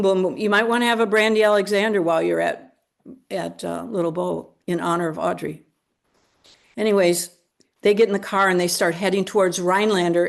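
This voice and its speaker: A woman's voice: fairly low pitch, vocal fry. A woman telling a local history story in a conversational way, with chatty asides to her listeners. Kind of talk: storytelling talk.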